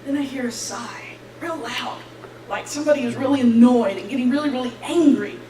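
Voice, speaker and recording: A young woman with a high voice tells her testimony in a church hall, animated and quick to laugh as she acts out each voice in her story. She sounds distant from the mic, and the room rings with echo under a faint hiss. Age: young adult. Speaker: graduate giving a testimony.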